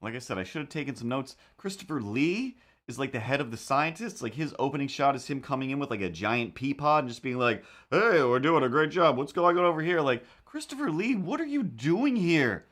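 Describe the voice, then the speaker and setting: A man hosting a livestream, chatting casually while he draws and telling rambling, animated stories with quick put-on voices. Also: medium pitch. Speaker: livestream host. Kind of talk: casual chat while drawing.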